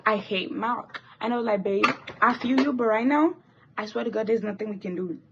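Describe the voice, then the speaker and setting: A teenage girl telling a rambling, animated story while doing her makeup, with swearing and asides. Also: on the high side, brisk, muffled recording, noisy background. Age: teens. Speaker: vlogger. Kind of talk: chatty get-ready-with-me story time.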